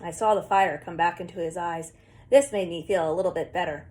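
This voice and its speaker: A woman reading a first-person story aloud as an audiobook, in a steady, plain storytelling manner. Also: lowish voice, brisk. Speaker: audiobook reader.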